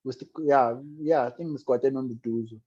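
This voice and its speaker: A man's voice: medium pitch, brisk, warm tone, breathy edge. A man with a South African accent, a guest musician telling his story in an interview in a reflective, earnest way. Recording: dull lo-fi sound.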